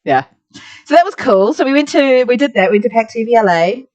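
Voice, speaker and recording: A woman's voice: on the high side, lively intonation, brisk, a little mellow, highs cut off. A talkative woman with a New Zealand accent, teaching an art class as she tells a meandering story. She drifts from point to point, leaning on filler words and laughing at her own tangents. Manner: chatty, rambling, many "like" fillers. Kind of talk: casual storytelling while drawing.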